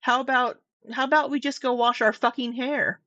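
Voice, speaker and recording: A woman's voice: high voice, steady tone, normal speed, pushed and bright, dry recording. Sarcastic, foul-mouthed middle-aged woman. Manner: sarcastic and profane, teasing. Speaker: commentator reacting to clips. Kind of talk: casual reaction commentary. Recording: dull, dry, slightly lo-fi sound.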